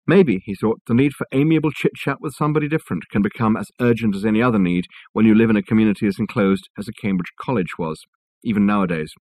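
A male audiobook narrator reads a novel in a measured, wry way. His voice is husky and a little low. He sits close to the mic, and the sound is dry with no room echo. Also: a little mellow.

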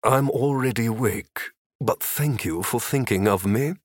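A man voicing a dry, grumpy male wizard who talks with a low growl. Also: measured pace, no room sound, natural voice.

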